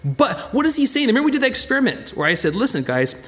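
A man preaching a conversational sermon as pastor, chatty and animated, often restarting and repeating words. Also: very high voice, rapid-fire.

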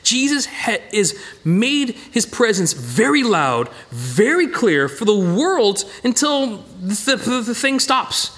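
Animated middle-aged man teaching Bible study. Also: high-pitched, slow pace, few pauses. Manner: animated, repeats phrases, self-corrects mid-sentence. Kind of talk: Bible study lesson with slides.

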